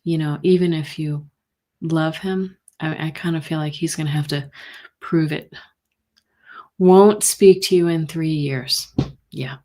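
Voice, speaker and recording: A middle-aged woman hosting a live tarot reading stream, talking gently and sympathetically with many pauses and fillers. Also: sits low. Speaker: intuitive reader, host.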